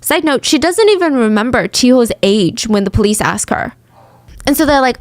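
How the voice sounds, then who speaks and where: A young woman hosting a true crime podcast, telling the story casually with lively asides and acted-out quotes. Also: on the high side, moderate pace, no room sound.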